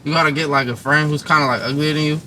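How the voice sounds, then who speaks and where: A young man with a high voice talks fast and insists on his points with lots of slang. It is loose outdoor banter, with other people audible around him. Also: fairly even intonation, a loud crowd, poor audio. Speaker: podcast co-host. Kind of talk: casual banter.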